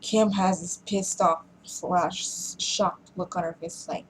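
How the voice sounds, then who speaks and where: A woman's voice: medium pitch, fairly even intonation, slow, few pauses, slight background noise, poor audio. A woman giving a casual, rambling film review rant, frustrated and full of fillers.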